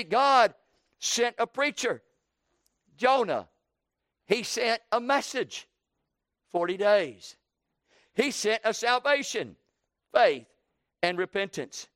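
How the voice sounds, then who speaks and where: Preacher guy, pretty high voice, smooth, hammers away with questions, dry sound. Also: a bit bright, dry recording. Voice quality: emphatic, repetitive rhetorical questions. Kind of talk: evening sermon.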